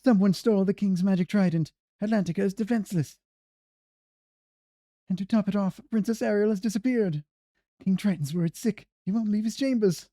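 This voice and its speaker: A man's voice: a little fast, mellow, no echo, studio quality, close to an everyday voice. A man voicing a panicky male crab servant, reading game cutscene lines aloud in character. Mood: fretful. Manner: high, fretting, worried delivery.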